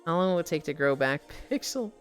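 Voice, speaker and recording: A woman streamer chatting casually while walking on a treadmill, telling animated, profane stories and sounding tired. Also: low-pitched, a little fast, faint music behind.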